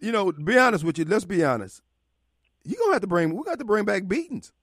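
A Mississippi man hosts a call-in radio show, talking bluntly and preaching his point with emphatic laughs. His voice sits high and swings widely in pitch. The studio sound is close and dry. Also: very animated, fast talker, no echo. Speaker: radio talk show host. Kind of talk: opinionated call-in radio talk.

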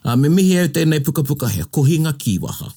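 A man from New Zealand with a New Zealand accent, co-hosting a casual bilingual chat in a playful, animated way. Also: fairly high pitch, rapid-fire, breathy edge. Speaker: co-host.

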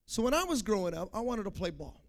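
A young man preaching a sermon to a congregation, repeating key phrases, calling for responses and swinging from quiet talk to shouts. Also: sits high, very animated, fast. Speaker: pastor.

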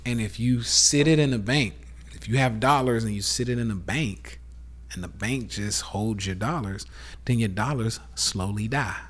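A man's voice: fairly low pitch, moderate pace. A man with a Southern accent hosting a casual rant podcast, blunt and profane, lecturing his listeners as y'all. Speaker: podcast host.

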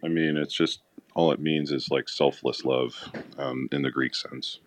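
A man's voice: rumbling low, fairly even intonation, measured pace, a little hiss or hum. A man co-hosting a podcast, explaining things plainly in casual chat. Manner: matter-of-fact, explains plainly. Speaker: podcast co-host.

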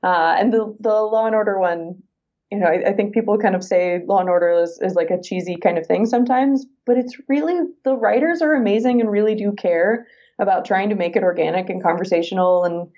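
Here is a chatty woman guest on an interview show, talking about her acting work with frequent laughs and quick asides. Her voice sits in a middling range. The recording sounds a little dull and lo-fi. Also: medium pitch, dark tone. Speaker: actress and guest. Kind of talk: casual interview chat.

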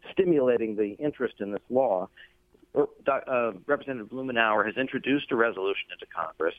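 A man's voice: on the low side, no echo. A man being interviewed, arguing his point earnestly with many ums and uhs. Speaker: interview guest. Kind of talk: phone interview, impassioned argument. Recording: tinny phone line.

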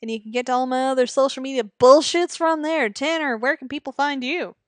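High-pitched lady cohost, laughs a lot, dry close sound. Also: fairly quick, dry recording. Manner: laughing, playful. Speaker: podcast co-host. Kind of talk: casual comedic chat.

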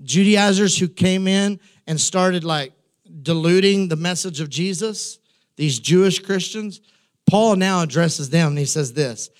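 Male pastor, high voice, lively sermon delivery that climbs to shouts. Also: measured pace. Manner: animated preaching, rising to shouts, humorous asides.

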